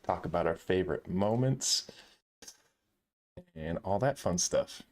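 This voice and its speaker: A man's voice: deep voice, animated, unhurried. Laid-back man chatting on a live stream. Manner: laid-back, laughs often, swears casually; talks to chat while fiddling with setup. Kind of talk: casual live-stream chat.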